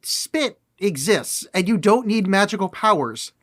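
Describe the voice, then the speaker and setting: A man's voice: high voice, expressive, fairly bright tone. A man co-hosting a podcast, recapping a movie in casual, rambling chat with frequent hesitations. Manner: rambling, hesitant, quick to correct. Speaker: podcast co-host.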